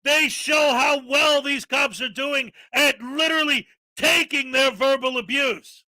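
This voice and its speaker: A man's voice: extremely high pitch, measured pace, hardly any pauses, sharp tone, dry recording, rough recording. A man hosting a commentary channel, ranting with sarcastic exasperation.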